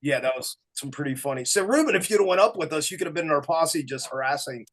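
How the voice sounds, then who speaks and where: A man with a high, animated voice trades road stories in a relaxed interview. He acts out other people's lines and laughs easily. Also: quick pace. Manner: animated storyteller acting out quotes, laughing often. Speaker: guest musician. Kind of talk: casual storytelling chat.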